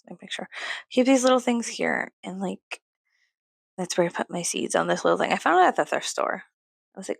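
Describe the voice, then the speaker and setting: A woman vlogger ranting in a casual, rambling way, full of swearing, jumping from loud outbursts to low mutters. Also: animated, fairly quick, gravelly, slightly rough, no room sound.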